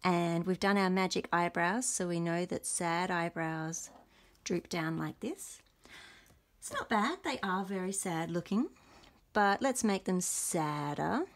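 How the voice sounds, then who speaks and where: A young adult woman walks through a drawing lesson at an unhurried pace. Her voice carries a noticeable gravelly fry. She explains each step gently and encouragingly as she sketches. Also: lowish voice. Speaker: illustrator leading a workshop. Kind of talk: drawing tutorial for teachers.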